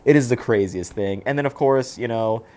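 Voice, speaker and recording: A man's voice: mid-range voice, normal speed. A man co-hosting a podcast, chatting casually and retelling a film scene by scene. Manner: animated scene-by-scene retelling, acts out lines in voices. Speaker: podcast co-host. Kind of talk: casual movie chat.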